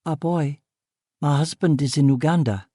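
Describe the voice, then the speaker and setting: Brief: timid young East African woman student in an audiobook, soft and polite, put on by a male narrator, dry close sound. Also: a little high, moderate pace, no echo, pitched above the performer's own voice, natural voice. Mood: frightened.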